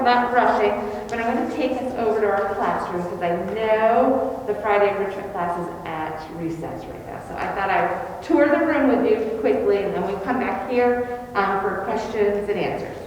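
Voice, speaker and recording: This is a kindergarten teacher at a casual parent info meeting, explaining her classroom conversationally with many fillers. Her medium-pitched voice sits far from the mic, and the large indoor classroom is very reverberant, with faint noise present.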